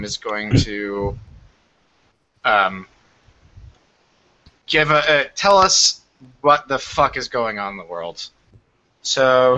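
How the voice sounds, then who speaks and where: Slow-talking, bright-voiced male host. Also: lowish voice, slight background noise, rough recording. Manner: easygoing, halting with fillers. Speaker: podcast host and player. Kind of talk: casual tabletop game chat.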